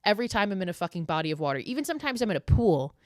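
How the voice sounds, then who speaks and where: A woman in her late twenties from the US East Coast hosting a solo podcast, telling stories in an emphatic, profane, animated way. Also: medium pitch, rapid-fire, dry recording, studio quality. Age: late 20s. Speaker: podcast host. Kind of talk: casual solo podcast monologue.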